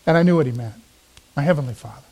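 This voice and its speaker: A man's voice: on the high side, rapid-fire, darkish tone, slightly rough. A man, a pastor, preaching a sermon, telling a personal story in an earnest, storytelling way with emphatic swells.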